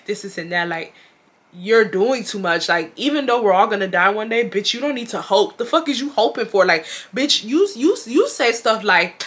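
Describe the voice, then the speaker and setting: A young woman from Houston, Texas telling a storytime to her viewers, blunt and profane, with an animated delivery. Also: medium pitch, normal speed. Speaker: storytime vlogger. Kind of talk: casual storytelling to camera.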